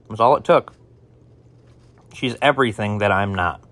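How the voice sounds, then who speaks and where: A self-doubting survivor, voiced by a man speaks into a tape diary in an audio drama. He talks haltingly, stumbling and restarting often. His voice sits somewhat low. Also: a bit bright, dry recording, lightly acted. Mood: wistful. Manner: halting, with many restarts and fillers.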